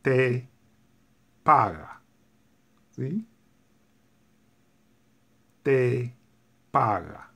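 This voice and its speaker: Male Spanish teacher, mid pitch, very slow, patient and repetitive with his class. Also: sing-song, a bit bright, slightly rough. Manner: patient, repeats each point step by step. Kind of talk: classroom grammar explanation.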